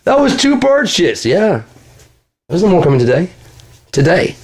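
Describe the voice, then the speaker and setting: A man's voice: high-pitched, very animated, moderate pace, a little mellow, voice pushed up, heavily acted. A man voicing a paranoid, frantic man who is convinced he is cursed, swearing and arguing with himself.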